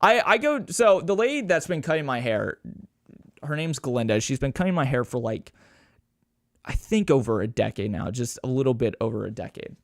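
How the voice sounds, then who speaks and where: A man's voice: medium pitch, normal speed, dry recording, clean studio sound. A young man hosting a podcast alone, rambling casually, swearing and poking fun at himself. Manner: rambling, swearing, self-mocking; animated, mimics people with a raised voice. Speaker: podcast host. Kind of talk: casual solo podcast chat.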